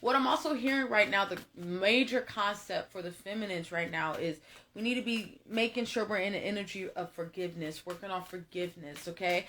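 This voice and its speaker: In a mid-range, sharp-toned voice, a young tarot reader delivers a casual spiritual monologue aimed directly at her viewers. Her talk is emphatic, repetitive and profane, and she turns tearful at moments.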